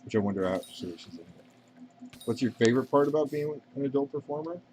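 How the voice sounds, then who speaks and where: A man's voice: medium pitch, animated, quick pace, a little mellow, slight background noise. A man chatting casually and rambling while playing a game on a live stream, swearing freely and answering viewer questions.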